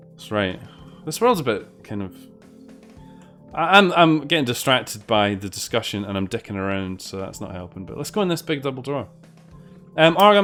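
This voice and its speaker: A British man with a fairly low, slightly bright voice streams a game, giving casual commentary. He swears freely and banters sarcastically with his chat.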